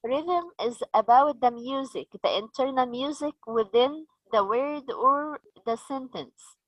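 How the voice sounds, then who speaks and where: Slow-speaking Egyptian woman trainer. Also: sits high, no room sound, poor audio. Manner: slow, explanatory, quizzes the audience. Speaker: teacher trainer. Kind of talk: training session lecture.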